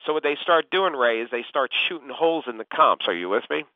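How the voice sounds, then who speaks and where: A man coaching a real estate agent over a call, explaining techniques step by step and often addressing his listener by name. His voice sits at a middle pitch and comes through a narrow, tinny phone line that sounds close and dry. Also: lively intonation, a little fast, no room sound. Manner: instructive, repeats the listener's name.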